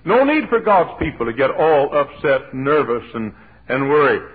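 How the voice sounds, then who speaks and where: A middle-aged man from Texas, preaching a folksy, emphatic sermon to his church, swinging from quiet storytelling to loud swells with joking asides. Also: fairly high pitch, very animated, normal speed, breathy edge. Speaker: pastor. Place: church sanctuary. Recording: thin, phone-like old sermon tape.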